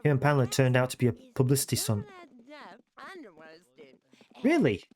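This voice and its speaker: Male streamer, rambling casual chat, mid-pitched voice, keeps checking in with viewers. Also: fairly even intonation, rapid-fire, a little mellow. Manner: rambling, keeps tagging "yeah?" onto sentences. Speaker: game streamer.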